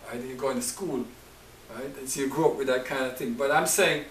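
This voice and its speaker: A man's voice: medium pitch, fairly quick, fairly bright tone, distant mic, slight background noise. A man preaching a conversational sermon, often stopping to check in with listeners with a repeated "right?". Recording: echoey, from off-mic, with guitar.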